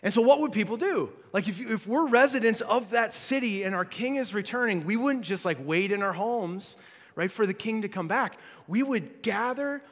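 A man's voice: high-pitched, expressive, moderate pace. A man preaching a sermon in a church, in a conversational way, with frequent fillers, restarts and playful asides. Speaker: pastor. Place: church sanctuary. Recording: long hall reverb.

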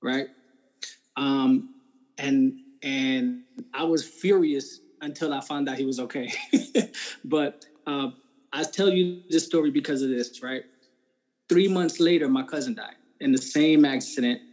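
A man's voice: medium pitch, a little slow, darkish tone, rough recording. A man being interviewed, telling his personal faith testimony in a casual, earnest way and often checking in with "right?". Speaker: interview guest.

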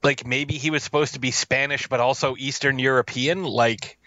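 A man's voice: mid-range voice, fairly even intonation, normal speed, pushed and bright, no echo, lo-fi sound. A man co-hosting a film podcast, chatting casually and jokingly, rambling with many fillers. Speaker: podcast co-host. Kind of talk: casual film review chat.

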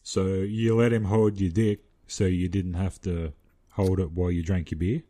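A man co-hosting a casual podcast, dropping dry deadpan quips and short replies. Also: low-pitched, normal speed. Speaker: podcast co-host.

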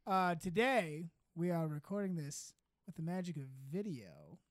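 A man's voice: fairly high pitch, big pitch swings, normal speed, dry recording, clean studio sound. A man with an Ohio accent hosting a comedy podcast, joking and laughing between lines. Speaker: podcast host. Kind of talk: casual comedy chat.

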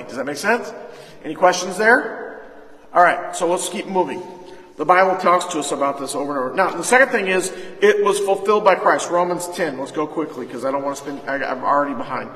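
A man with a high, bright voice preaches a sermon, throwing questions to his congregation and answering them himself. His voice rings through a large, echoing hall with a long reverb tail. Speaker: pastor. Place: church hall. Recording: echoey hall.

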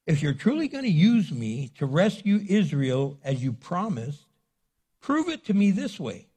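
Animated pastor preaching, fairly high voice. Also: male voice. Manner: animated, acts out voices of people he quotes. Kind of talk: sermon.

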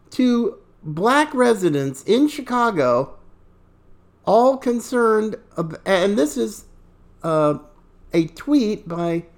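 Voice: medium pitch, a little mellow. A podcast host giving sarcastic political opinion commentary, mocking and chuckling between remarks.

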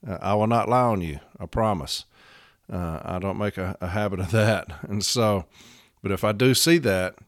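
A man's voice: on the low side, moderate pace, dry recording, studio quality. A man hosting a talk show, speaking bluntly and plainly to his listeners in a casual way. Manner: blunt, plain-spoken, says it straight. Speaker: podcast host.

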